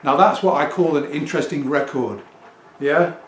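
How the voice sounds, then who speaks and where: A man's voice: on the high side, normal speed. Chatty middle-aged Englishman in an echoey room. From England. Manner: chatty, rambling, self-assured. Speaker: record seller and vlogger. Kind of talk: casual talk to camera. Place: home room with turntable. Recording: echoey room with faint ambient noise.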